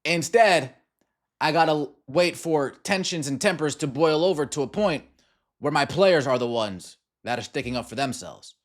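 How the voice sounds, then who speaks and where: A man's voice: on the high side, animated, moderate pace. Ranting male sports podcast host. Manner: ranting, exasperated, repeats rhetorical questions. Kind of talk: sports commentary over game clips.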